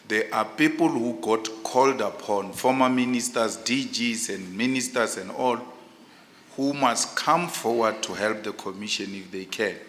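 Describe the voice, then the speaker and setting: South African male commissioner, emphatic and insistent, tense bright voice, long hall reverb. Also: fairly low pitch, slight background noise. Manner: forceful, insistent, emphatic questioning. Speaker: panel commissioner. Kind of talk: formal panel interview. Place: large hearing room.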